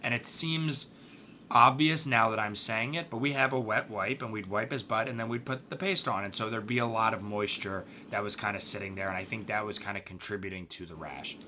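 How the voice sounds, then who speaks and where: Male podcast co-host with a bright edge, casual joking delivery, light noise behind. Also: fairly low pitch, fairly quick. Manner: wry, profane, joking.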